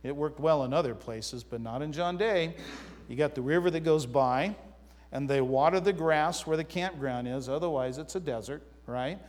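A man's voice: on the high side, moderate pace. Preaching man in a reverberant hall. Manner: conversational preaching with personal anecdotes. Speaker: pastor. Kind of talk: sermon.

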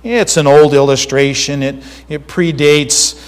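Brief: conversational male preacher, somewhat high-pitched, earnest; reverberant room. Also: fairly even intonation, measured pace. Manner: earnest, conversational, checks in with listeners. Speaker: pastor. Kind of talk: sermon.

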